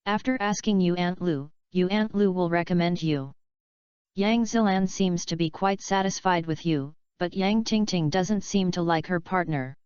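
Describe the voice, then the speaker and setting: A scheming middle-aged father from a wealthy family, pushy and eager as he lays out his plans, read by a woman narrator. The tone sits low, smooth and very clear. The audio is dry and a little dull and lo-fi. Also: normal speed, a little mellow, dry recording, close to an everyday voice.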